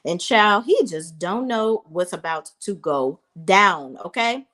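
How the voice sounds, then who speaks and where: Animated, chatty woman vlogger. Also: medium pitch, takes it slowly. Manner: animated, chatty, addresses viewers directly. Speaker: reality TV reviewer. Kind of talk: casual recap vlog.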